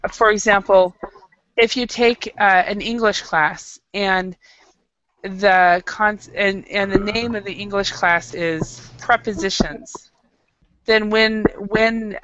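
A woman's voice: mid-range voice, fairly bright tone, no room sound, muffled recording. A woman teaching an English class, patient and explaining with frequent restarts. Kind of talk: classroom lesson.

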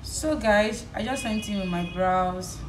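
A young Nigerian woman with a Nigerian accent, vlogging in a casual chat while she does her makeup, telling a story in an animated way. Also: mid-range voice, unhurried, roomy sound, very noisy. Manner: animated storytelling, switching between English and Yoruba.

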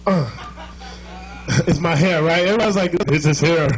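A man with a Jamaican accent hosts a live show, speaking in a notably high voice. He jokes and teases the crowd in a playful, chatty way. A faint noise sits under his voice. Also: moderate pace, low-quality recording. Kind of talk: joking crowd work.

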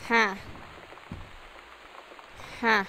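A woman's voice: drawn-out words, sharp tone, slight background noise, poor audio. A young woman giggling and chatting as she plays a game, reading its text aloud. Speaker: let's play gamer. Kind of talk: casual gameplay commentary.

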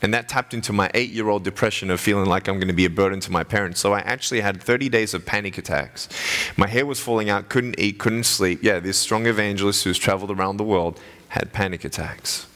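A man in his thirties giving a humorous chapel talk as an evangelist, telling stories with lively swings in pitch. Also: quick pace. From Australia. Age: 30s. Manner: animated storyteller with jokes and wide pitch swings. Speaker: evangelist speaker. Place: chapel audience hall.

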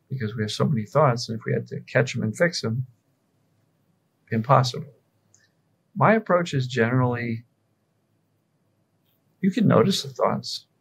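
A man's voice: medium pitch, poor audio. A man from Pennsylvania, a mind-body coach, explaining his approach as an interview guest and answering his own rhetorical questions. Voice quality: gravelly, very husky voice.

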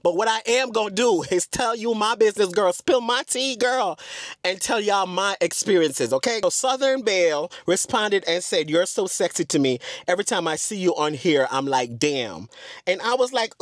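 Sassy storytime vlogger, lively swooping pitch, dry close sound, chatty, dramatic, man talking in a car. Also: moderate pace, no echo. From Atlanta area. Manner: sassy, dramatic, keeps calling the audience girl; breaks into song and shrieks. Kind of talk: casual storytime chat. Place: inside a car.

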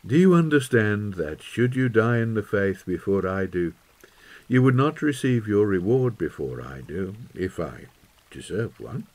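A man's voice: on the low side, animated, unhurried, darkish tone. A man voicing a sincere young forester in his twenties, in an audiobook. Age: 20s. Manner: thoughtful, sincere. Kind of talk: audiobook character voice.

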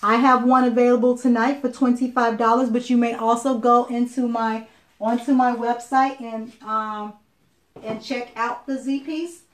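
A chatty woman with a fairly high voice shows off jewelry on a live video stream. She repeats herself and fills pauses with ums as she talks close to a phone or webcam. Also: flat delivery. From Chicago, Illinois.

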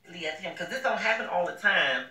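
A woman's voice: fairly low pitch, lively intonation, normal speed, bright, forceful tone, recorded from a distance. Blunt, emphatic woman in an echoey room. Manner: emphatic, blunt and preachy, with slangy endearments. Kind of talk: casual advice talk.

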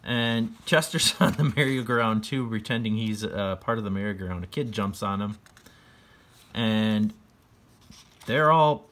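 A man with a low voice retells a picture book in his own words, casual and loose. He rambles with fillers and restarts and chuckles often as he goes. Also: a little slow, fairly bright tone. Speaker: book reader.

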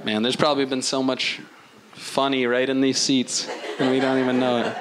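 On a club stage, a male stand-up comedian with a mid-range voice riffs at a normal speed, rambling loosely, cursing often and poking fun at himself. The live recording is noisy, with audience laughter behind him.

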